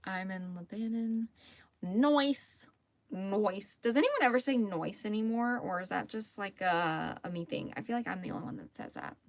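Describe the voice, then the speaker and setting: A young woman with a Southern American accent talks casually through a live crafting stream. She is chatty and easygoing, answers viewer comments and laughs easily. Her voice sits at an ordinary middle pitch. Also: lively intonation, brisk, gravelly, few pauses, dry recording. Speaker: crochet livestreamer.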